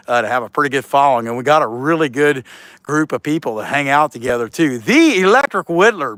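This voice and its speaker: A man hosts his carving livestream in a high, bright voice, chatting loosely and teasing his viewers as he reads their comments. The sound is close and dry, with no room echo. He rambles from joke to joke with an easy, playful manner. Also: clean tone. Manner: joking, rambling, reads chat aloud. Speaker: chainsaw carver hosting a livestream. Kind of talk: casual livestream chat.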